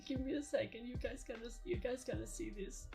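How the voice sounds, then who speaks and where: Excitable high-voiced young woman streamer. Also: a little fast, music in the background. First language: Portuguese. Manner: excitable, swearing, laughing often. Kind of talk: live game streaming chat.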